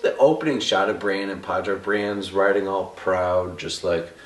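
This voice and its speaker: A man's voice: low-pitched, normal speed, far from the mic. A man giving a casual, jokey TV episode review with crude asides, loose and chatty. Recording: echoey room, voice a bit off-mic.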